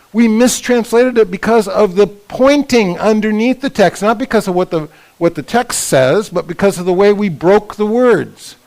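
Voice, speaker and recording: An older man teaching a Bible session at a couples retreat, lively and often checking in with the audience. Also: sits high, poor audio. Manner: lively, asks the audience for agreement. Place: conference room at a resort.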